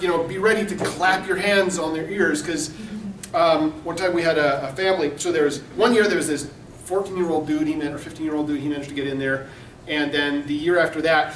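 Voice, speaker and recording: Man, brash crude storyteller, high pitched, roomy far-off sound, faint background noise. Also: steady tone, fairly quick, fairly bright tone. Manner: brash, mocking, storytelling with laughs. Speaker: charity auctioneer. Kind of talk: crude comedic auction warm-up. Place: convention hall. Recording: echoey hall recorded from far off.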